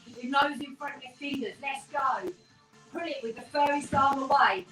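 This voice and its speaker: Coaching a home workout class, this fitness instructor chats and encourages her viewers while counting reps alongside them, a bit winded. She has a high-pitched, fairly bright voice. The sound is distant and roomy, caught by a camera mic across a small terraced-house room, with faint workout music in the background.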